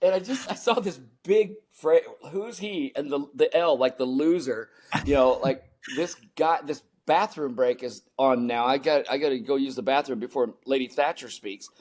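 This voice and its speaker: An older man from the United States, a performance coach, telling lively stories in an interview and acting out his own reactions. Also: medium pitch, moderate pace. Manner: animated storyteller, acts out his own panicked voice. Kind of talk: storytelling interview talk.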